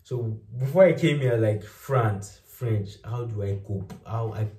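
A young Nigerian man who speaks Yoruba hosts a vlog, telling stories in a casual, animated chat and laughing often. His voice is fairly low and a little slow, caught on a distant mic in a roomy, slightly off-mic recording.

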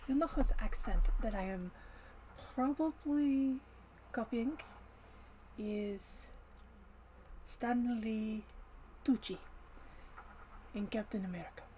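A woman's voice: mid-range voice, takes it slowly, pauses often, poor audio. A woman hosting a writing sprint livestream, chatting casually and rambling as she thinks aloud to herself. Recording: steady background noise.

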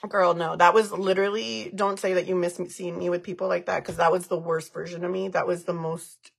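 A woman's voice: on the low side, flat delivery, brisk, vocal fry, slightly rough. A woman in her thirties chatting candidly on a live stream while taking off her makeup, emotional and frank, dropping in Spanish slang. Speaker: vlogger doing a live stream. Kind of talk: casual chat while removing makeup.

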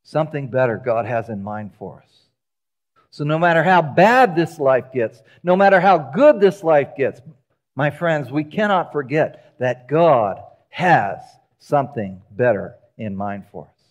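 A man preaching a sermon in a church, telling the story with lively acted-out voices. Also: medium pitch, measured pace, highs cut off. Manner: animated storytelling, acting out quoted voices. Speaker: pastor. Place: church sanctuary.

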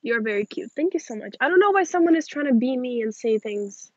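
A young woman, tired and yawning, reading viewer questions aloud and chatting back in a relaxed way on a livestream outdoors. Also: fairly high pitch, fairly quick, dry recording, highs cut off. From Russian-speaking family. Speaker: livestream host. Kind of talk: casual livestream chat reading comments.

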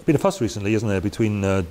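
A preacher from Wales teaches the Bible with a creaky, lowish voice of darkish tone. He keeps it conversational, full of casual asides and restarts, and the recording has a faint hiss.

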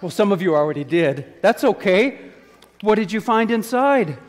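A man's voice: sits high, lively intonation, moderate pace. A man, a pastor, giving a children's sermon in a church, playful and coaxing as he asks the kids questions. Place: church sanctuary. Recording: long church reverb.

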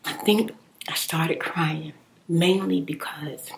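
A woman whispering a personal story in soft-spoken ASMR style while chewing gum, candid and heated. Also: low voice, slow pace, vocal fry, noisy background.

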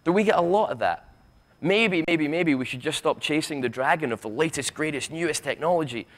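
A man with a Glaswegian accent giving a conference keynote. He is impassioned and sarcastic, swears freely, and stumbles into quick restarts. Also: a little high, expressive, a bit bright. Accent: Scottish, Glaswegian. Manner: impassioned, stammering restarts, rapid asides. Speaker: keynote speaker. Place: university conference hall.

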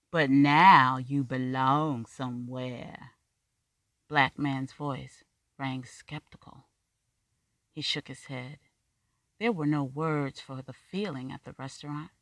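A measured story narrator with a wry edge, reading prose at an even mid pitch. The sound is dry and close, with no room around the voice. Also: no echo. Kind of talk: scripted fiction narration.

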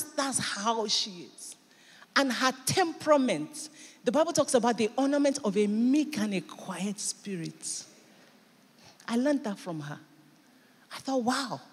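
Animated woman pastor preaching in a reverberant hall. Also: on the high side, a little slow, breathy edge. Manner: animated, emphatic preaching with sudden bursts of loudness. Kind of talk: sermon. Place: church hall.

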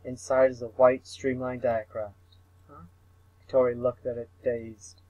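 A man's voice: mid-range voice, flat delivery, measured pace, a little mellow, dry recording, dull audio. A young man reading a visual novel aloud for laughs, mumbling, tripping over words and swearing at himself. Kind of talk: comic read-through of a visual novel.

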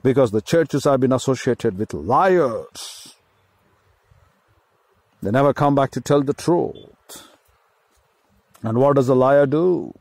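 A man with an Indian English accent preaching a sermon as a pastor, in a slow, emphatic style with repeated phrases. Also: mid-range voice, animated, vocal fry, a little mellow, no echo.

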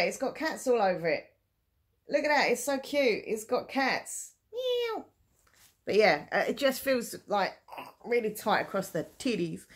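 A woman's voice: mid-range voice, fairly bright tone. A woman chatting casually in a show-and-tell vlog, rambling and self-deprecating with frequent giggles. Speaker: vlogger selling items online.

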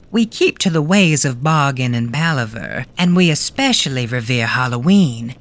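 A woman's voice: low-pitched, voice pushed down. A woman voicing an old-fashioned female monster matriarch who speaks in a genteel, icy and commanding way.

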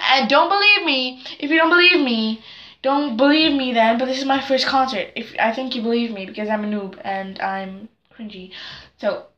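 A teenage girl chatting to camera at home in an excitable, rambling, self-deprecating way. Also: a little high, normal speed, reverberant, dull audio. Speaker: vlogger. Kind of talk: casual chat to camera.

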